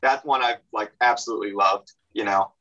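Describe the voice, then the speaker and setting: A man's voice: on the low side, a little fast, fairly bright tone, highs cut off. A middle-aged man guesting on a podcast, rambling and hesitant with lots of fillers and dry self-deprecating jokes. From Central New Jersey. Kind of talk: casual podcast chat.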